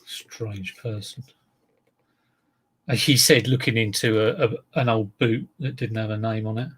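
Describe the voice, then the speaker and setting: A man's voice: on the low side, fairly even intonation, brisk, fairly bright tone, slight background noise. A man hosting a casual reseller livestream, chatting to viewers in a rambling way while he handles and lists items.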